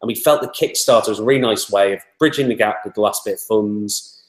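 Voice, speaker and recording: Here the toy startup spokesman sounds lowish and fast, his words bouncing around an echoey room. He rambles through the casual interview in a chatty way, leaning on lots of fillers.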